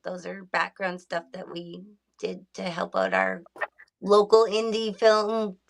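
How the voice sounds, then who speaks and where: Relaxed, soft-spoken woman chatting. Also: on the low side, slow, creaky, slight background noise. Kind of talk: casual livestream chat.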